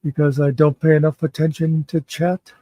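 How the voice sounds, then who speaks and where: A man's voice: a little high, flat delivery, moderate pace, no room sound, dull audio. An American man hosting a casual live-stream chat, joking easily with his co-hosts. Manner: easygoing, joking. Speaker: stream host.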